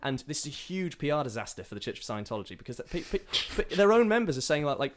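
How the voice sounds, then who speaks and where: A man's voice: a little high, sing-song, fast, hardly any pauses, slight background noise. A man casually telling a rambling comic story on a podcast, acting out the characters in quoted voices. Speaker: podcast co-host pitching a story.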